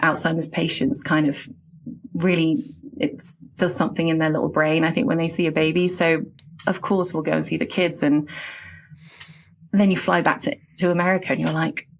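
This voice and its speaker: A woman from England in her late thirties, talking in an earnest, reflective and halting way on a casual podcast. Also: low-pitched, little pitch movement, gravelly. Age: late 30s.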